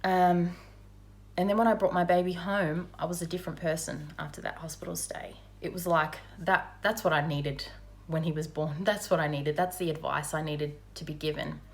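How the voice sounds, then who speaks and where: A woman gives a candid personal account in a slightly low voice. She speaks frankly and conversationally, with plenty of ums and you-knows along the way. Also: steady tone, moderate pace. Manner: frank and conversational, with many fillers. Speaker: mother sharing her recovery story.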